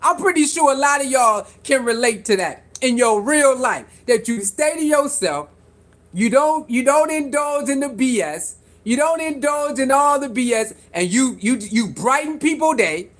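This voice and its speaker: A vlogger giving casual sports commentary to camera, animated and repetitive, firing rhetorical questions at viewers and laughing between points. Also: high voice, normal speed.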